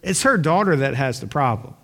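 A man's voice: mid-range voice, very animated, fairly quick, gravelly, fairly bright tone, big-room sound. A man preaching a sermon, earnest and pleading, building to emphatic questions.

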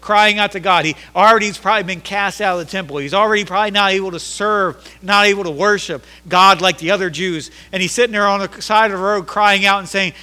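A male pastor preaching a sermon, emphatic and repetitive, swinging between loud declarations and hushed lines in a church sanctuary. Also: sits high, fairly even intonation, quick pace, hardly any pauses. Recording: long hall reverb.

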